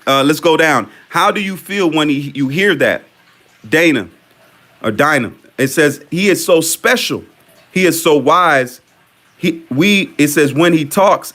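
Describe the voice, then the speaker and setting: A man talks through scripture in a fairly high voice, reading passages aloud. He repeats his questions and tacks "man" onto his phrases. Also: fairly bright tone. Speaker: religious commentator.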